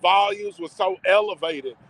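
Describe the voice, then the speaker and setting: A man telling a personal story to camera in a slangy, emotional, drawn-out way. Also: high-pitched, a bit bright, slight background noise, low-quality recording.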